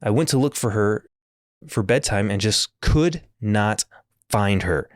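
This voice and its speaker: A man's voice: fairly low pitch, expressive, unhurried, no room sound, studio quality. A man co-hosting a casual podcast, reading stories aloud in a laid-back, hesitant way with chuckles. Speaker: podcast co-host.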